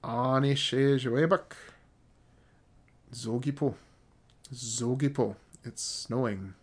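Male language teacher, relaxed explainer, works through examples. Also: medium pitch, slightly rough. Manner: casual, explains slowly with examples. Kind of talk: language lesson.

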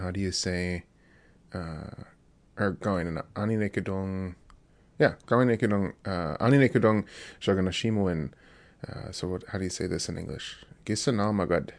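Male language teacher, low gravelly voice, drills and repeats patiently. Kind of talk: language lesson with quiz.

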